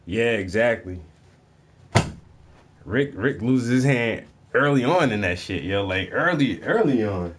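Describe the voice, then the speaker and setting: With a lowish voice, lively intonation and a measured pace, a painting vlogger drawls through casual livestream chat while he works. Expect profanity, relaxed slang and frequent laughs. He's in a home room under fluorescent lights, with slight background noise.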